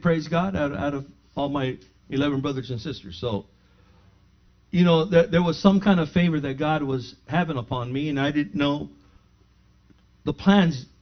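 Middle-aged pastor telling a testimony. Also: male voice, a little high. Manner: animated storyteller who acts out both sides of a dialogue. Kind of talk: sermon with personal testimony. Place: his own home living room. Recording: slightly dull lo-fi sound.

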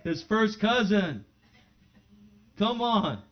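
A man preaching a sermon in a church, talking conversationally to his congregation and building to loud, fervent exclamations. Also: high voice, big pitch swings, very slow. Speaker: pastor. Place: church sanctuary. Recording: dull lo-fi sermon recording.

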